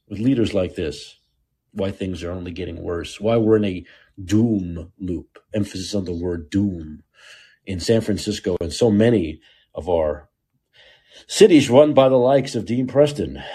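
A man rants through a political commentary show, his pitch swinging widely as he mocks and scoffs. His voice is dark and a little husky, and laughter keeps breaking into the talk. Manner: sarcastic, ranting, mocking; laughs often. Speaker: podcast host.

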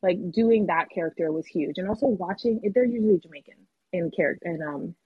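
A woman's voice: fairly low pitch, brisk, husky, no echo. A woman actor talking candidly in a casual podcast interview, using slang and laughing often. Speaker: actor guest. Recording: phone-like call audio.

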